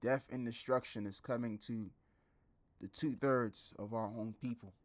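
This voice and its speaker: A man preaching online, blunt and repetitive, who drops into a lower, quieter voice when he reads scripture aloud. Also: steady tone, a little slow. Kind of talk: street-style preaching commentary.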